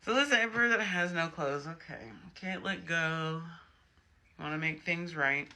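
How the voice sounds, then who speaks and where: A man's voice: fairly high pitch, a little slow, sharp tone. A man giving a casual tarot reading, chatty and emphatic, with frequent personal asides. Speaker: tarot reader.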